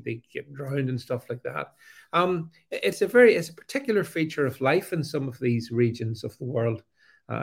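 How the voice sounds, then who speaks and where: A political commentator with a gravelly, ordinary middle-pitched voice delivers a casual, unscripted opinion monologue straight to his viewers. His speech is halting, full of fillers, stops, and restarts, and he leans heavily into sarcasm.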